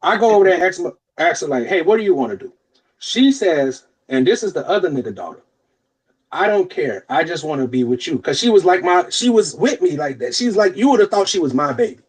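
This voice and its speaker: Profane storytelling man, animated delivery. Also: a little high, a little fast, husky. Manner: animated, profane, acts out quotes in other voices. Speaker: podcast co-host. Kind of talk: casual storytelling chat.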